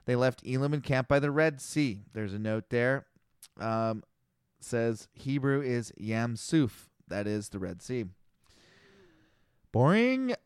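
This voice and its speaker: Clear-voiced man reading aloud on a podcast. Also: mid-range voice, no echo, studio quality. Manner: plain, flat reading that stumbles over names.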